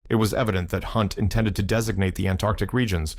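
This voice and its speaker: Deep-voiced male audiobook narrator. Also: fairly even intonation, no echo, clean studio sound. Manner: measured, formal storytelling. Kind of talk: scripted narration.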